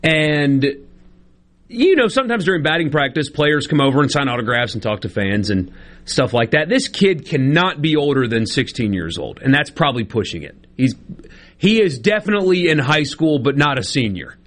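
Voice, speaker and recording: A man's voice: fairly high pitch, sing-song, normal speed, a bit bright. A man hosting a sports talk radio show, telling stories and reading listener texts with easy laughter.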